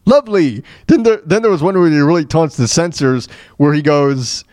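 A man's voice: on the high side, moderate pace, darkish tone, no room sound, clean studio sound. A man hosting a radio show, telling stories in a rambling, casual way with many fillers and restarts. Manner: laughs at his own retold jokes. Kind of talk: casual storytelling monologue.

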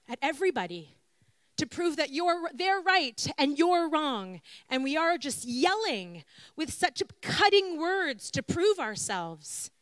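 A woman delivers a reflective talk in an earnest, unhurried way, stacking up repeated phrases as she builds her point. Her voice is high and smooth, and it is recorded close with a dry sound. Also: a bit bright, no room sound. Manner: earnest, repetitive, building rhetorical lists. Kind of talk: reflective sermon-style talk.

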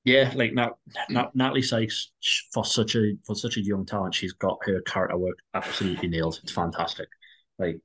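A man with a lowish voice chats casually as a podcast co-host. He rambles, restarts his sentences and laughs often. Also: flat delivery, fairly quick, a bit bright, breathy edge, poor audio. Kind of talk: casual chat.

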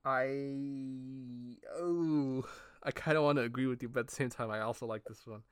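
A man co-hosting a casual podcast, chatting in a relaxed, agreeable way and often saying "alrighty.". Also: medium pitch, normal speed, smooth, no echo, studio quality. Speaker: podcast co-host. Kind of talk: casual chat.

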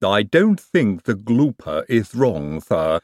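A man reading an audiobook, voicing a gloomy, deferential male servant who talks slowly. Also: lowish voice, big pitch swings, no echo, studio quality.

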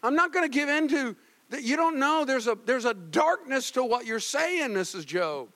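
A man's voice: on the high side, very animated, a little slow, long reverb tail. A male preacher voicing Job as a kind but firm husband correcting his wife.

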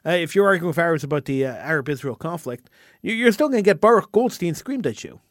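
A man with a high, lively voice holds forth on his talk radio show, indignant and stumbling over repeated words as he builds steam. The sound is dry and close, with no room around it. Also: fast, no room sound. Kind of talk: impassioned talk radio monologue.

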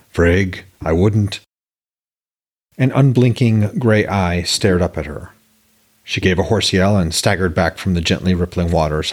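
A man narrating his own fantasy novel as an audiobook, in a measured, descriptive storytelling voice. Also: low voice.

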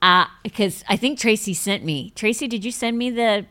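A middle-aged woman hosting a show, telling rambling, self-mocking stories in a bubbly, casual chat and breaking into high laughing fits. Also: moderate pace, sharp tone. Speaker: host.

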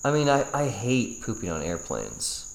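A man's voice: mid-range voice, huge pitch swings, moderate pace, gravelly, echoey room, low-quality recording. Laid-back male podcast co-host. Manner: loose, profane, joking. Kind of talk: casual chat.

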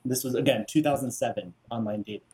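A man co-hosting a podcast, relaxed and self-deprecating as he tells a story in casual chat. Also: medium pitch, fast, a crowd in the background. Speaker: podcast co-host.

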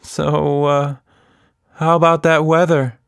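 A man's voice: high-pitched, very animated, measured pace, no echo, clean studio sound, voice pushed up. A man voicing a nervous young girl who speaks hesitantly. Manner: timid, unsure.

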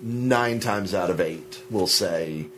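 A man co-hosting a podcast, telling stories in a joking, animated casual chat. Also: low-pitched, takes it slowly, a little hiss or hum. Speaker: podcast co-host.

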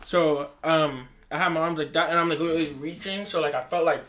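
A laid-back man telling a story on a casual podcast, pitched a little above the usual for a man. He rambles along with lots of fillers. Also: steady tone, quick pace, fairly bright tone. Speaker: podcast co-host.

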